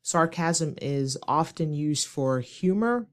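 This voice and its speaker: Lady teaching english, low voice but swoops around a lot, acts out little examples. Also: animated. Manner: slow, clear, demonstrative delivery with acted examples. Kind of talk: scripted ESL lesson.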